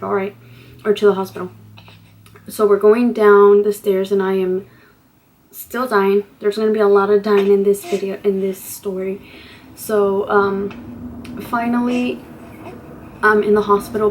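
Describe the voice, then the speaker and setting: A woman's voice: medium pitch, slight background noise, poor audio. Chatty young woman telling a story. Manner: chatty, lots of "like" fillers; candid, acts out quoted exchanges. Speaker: vlogger. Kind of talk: casual storytelling.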